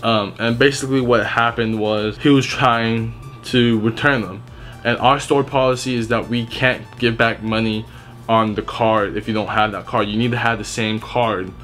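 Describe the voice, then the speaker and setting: A young man at an average pitch vents about retail customers in a loose storytime vlog. He swears constantly, restarts his sentences and never softens anything. Faint music plays softly behind him. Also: steady tone, moderate pace. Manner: blunt, heavily profane, rambling with restarts. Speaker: retail worker telling stories.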